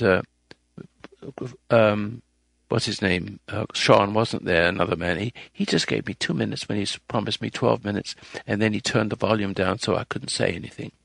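A man hosting a call-in radio advice show who lectures listeners emphatically, rambling with restarts and swinging between a firm, loud voice and a soft, quiet one. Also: lowish voice, gravelly, no echo.

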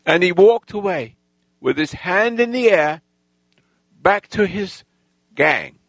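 Slow, gravelly man telling a boastful tale. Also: sits high, lively intonation, a bit bright, no room sound, low-quality recording. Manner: halting, with restarts and lost threads; boastful, self-assured storytelling. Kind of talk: rambling personal anecdote.

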